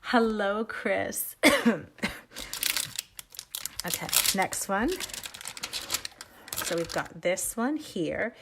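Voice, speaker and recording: A woman's voice: medium pitch, very slow, pauses often. A middle-aged Canadian woman rambles cheerfully through a live stamping class, often breaking off for side stories. She sounds a little under the weather, and faint noise sits behind her voice. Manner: chatty, rambling, self-interrupting. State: sick, coughing. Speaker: stamping demonstrator. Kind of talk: live craft demo with chatty stories.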